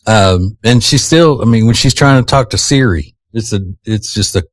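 A man's voice: medium pitch, moderate pace, dry recording. A man with a Southern US accent, hosting a radio morning show in easygoing, self-teasing banter. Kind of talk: casual on-air banter. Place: radio studio. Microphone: studio microphone.

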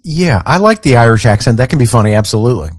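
A man's voice: mid-range voice, lively intonation, quick pace, breathy edge, no room sound, studio quality. Easygoing radio co-host man. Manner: easygoing, agreeable replies. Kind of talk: casual radio banter.

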